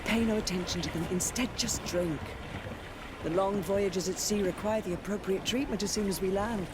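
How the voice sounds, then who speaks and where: A woman's voice: mid-range voice, normal speed, lightly acted. An actress playing a polite, formal noblewoman who is the outgoing governor. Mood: courteous. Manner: courteous, formal. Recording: game audio with loud ambient noise.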